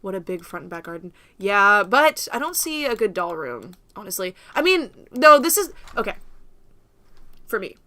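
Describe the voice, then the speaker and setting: Bright, chatty young American woman streamer. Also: medium pitch, big pitch swings, normal speed, no room sound. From United States. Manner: chatty and rambling, laughs often, talks to viewers. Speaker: livestream host. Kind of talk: casual livestream chat.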